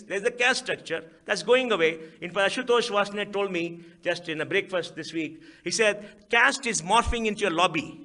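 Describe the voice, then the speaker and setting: A man's voice: high-pitched, pushed and bright. A middle-aged man with an Indian English accent, giving an emphatic public speech in a lecture hall, full of rhetorical questions and repeated phrases. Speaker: guest speaker.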